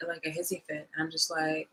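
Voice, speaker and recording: A young woman vlogging in a casual, animated rant, swearing freely and trailing off into fillers. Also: low voice, fairly quick, slight background noise, low-quality recording. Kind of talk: casual ranting monologue.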